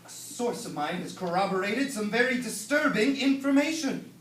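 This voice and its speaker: High-voiced paranoid office worker as a young actor plays him, melodramatic, jumpy, grandiose, echoey stage heard from far back. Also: male voice, expressive, moderate pace, fairly bright tone. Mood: suspicious. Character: paranoid conspiracy-minded male office worker. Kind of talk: stage play acting. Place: school stage before an audience.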